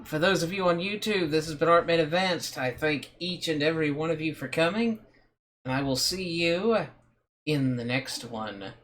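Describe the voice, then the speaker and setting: A man's voice: a little high, normal speed, slight background noise. A man streaming a video game, reading its dialogue aloud and then signing off to viewers. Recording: loud game music behind the voice.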